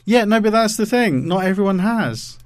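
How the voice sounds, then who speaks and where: A man hosting a podcast, bantering casually with quick, teasing rhetorical questions. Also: sits high, animated, heavy background noise. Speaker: podcast host.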